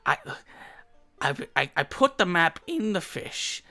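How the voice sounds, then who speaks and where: A man voicing a hunched old male street peddler who hawks his wares loudly and insistently. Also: high voice, very animated, slow, faint music behind, voice pushed up, full character voice. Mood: pushy hawking. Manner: loud hawking, insistent.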